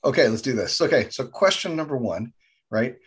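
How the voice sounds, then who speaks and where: A man's voice: medium pitch, lively intonation, brisk, slightly rough. A man co-hosting a podcast, upbeat and enthusiastic in casual chat. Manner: upbeat, enthusiastic, says fantastic a lot. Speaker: podcast co-host.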